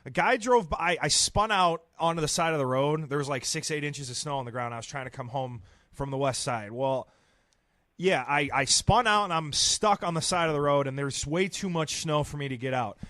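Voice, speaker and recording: Higher-voiced man telling a rambling story. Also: normal speed, fairly bright tone, no echo, studio quality. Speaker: sports radio co-host. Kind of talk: casual studio chat.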